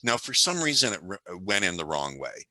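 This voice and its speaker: A man, a podcast guest who trains salespeople, telling stories in a lively, talkative way. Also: low voice, brisk, no room sound, low-quality recording. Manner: animated, talkative storyteller. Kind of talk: conversational storytelling.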